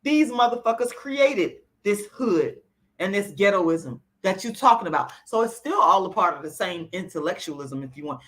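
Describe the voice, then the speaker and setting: On a livestream, a woman with a mid-range, somewhat bright voice responds to her chat. Her talk turns into a heated rant, swinging from lecturing to blunt, profane venting as she gets more worked up.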